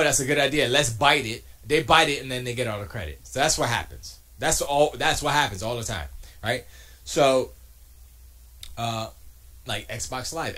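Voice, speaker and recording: A man streaming from his home studio, chatting casually and answering his chat, joking and arguing in an animated way. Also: medium pitch.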